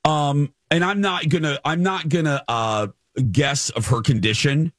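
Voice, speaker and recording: A man's voice: fairly high pitch, unhurried, a bit bright, no room sound, clean studio sound. A man in his forties, a radio co-host, telling a personal story in casual chat and acting out the quotes. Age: 40s.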